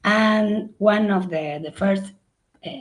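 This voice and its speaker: A woman's voice: medium pitch, slow pace, poor audio. Latin American woman moderating a session. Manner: polite, hesitant. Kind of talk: moderating a live online session.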